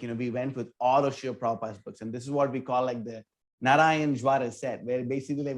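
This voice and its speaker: A man who leads a temple's book distribution team tells a story in a casual interview, talking in an animated way, full of "like" and "you know". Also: mid-range voice. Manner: animated, filler-heavy, with many "like" and "you know".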